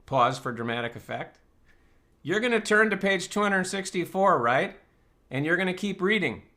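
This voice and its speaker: Hosting his live online Q&A, the personal-growth teacher explains his thinking casually with rhetorical questions. He sounds high, animated, pushed and bright, at a moderate pace.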